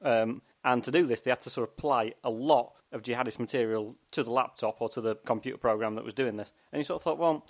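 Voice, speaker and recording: A man's voice: medium pitch, quick pace, few pauses. A man from England with a Sheffield accent, co-hosting a podcast in casual chat, wry and jokey, acting out imagined thoughts. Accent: Sheffield English. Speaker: podcast co-host.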